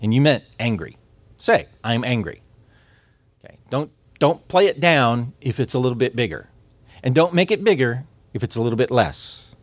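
A man lectures a class on communication in an average-pitched voice. He is lively and laughs often, and he keeps asking his listeners questions. His words often stumble and repeat, and the sound is dry and close with no room echo. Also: normal speed. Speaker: instructor.

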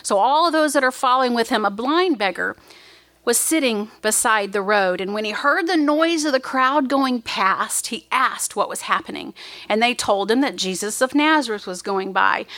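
A woman's voice: a little high, animated, moderate pace, fairly bright tone, no echo. A woman preaching a sermon, retelling a Bible story in an earnest, emphatic way and raising her voice for quoted cries.

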